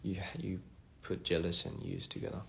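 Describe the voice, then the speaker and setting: A man with a low-sitting, gravelly voice talks at a moderate pace with a flat delivery, with slight background noise in the audio. Chatting casually on a phone livestream, he reads fan comments, rambles, and trails off between thoughts with soft-spoken asides.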